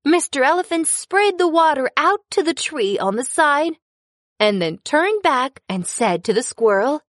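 Brief: woman narrator, somewhat high, very lively pitch, children's story, dry sound. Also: unhurried, no echo. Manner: expressive, storytelling with sound effects.

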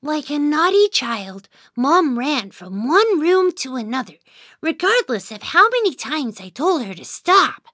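A gentle child narrator. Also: female voice, high-pitched, very animated, a little slow, no echo, studio quality, heavily acted. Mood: narrating. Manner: gentle, patient storytelling. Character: sleepy, patient young child narrating. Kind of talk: children's cartoon storytelling.

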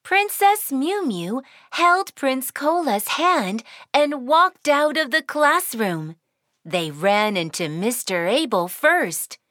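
A woman narrating a children's cartoon story in a sing-song, expressive way. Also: sits high, slow pace, no echo, clean studio sound.

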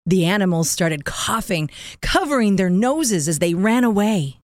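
Expressive woman narrating a children's story. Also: medium pitch, unhurried, no room sound, studio quality. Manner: expressive, playing sound words.

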